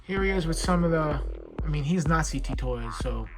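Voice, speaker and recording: A man reviews an action figure at home, his slightly high voice animated and at normal speed over music. He fiddles with it while rambling in a casual, blunt and frustrated manner.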